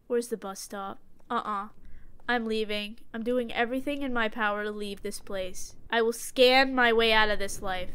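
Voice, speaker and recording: A woman's voice: on the high side, normal speed, clean tone. A woman streamer giving joking running commentary on a horror game as she plays, talking back to the game and screaming at the scares. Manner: jokey, talks to the game, screams at jump scares. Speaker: gaming streamer.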